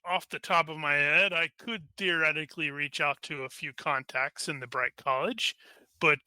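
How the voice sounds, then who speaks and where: An old wizard, formal and cryptic, speaking with measured grandeur, as a game master plays him. The voice is very bright and smooth, somewhat high for a man, recorded close and dry. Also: steady tone, dry recording.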